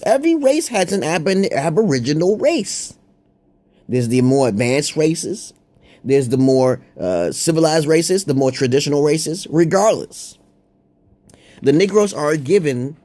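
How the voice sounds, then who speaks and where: Profane, rambling man with higher voice. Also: big pitch swings, normal speed, mellow. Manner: profane and confrontational; rambling, with repeated "okay?" asides. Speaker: online commentator. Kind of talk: rambling monologue.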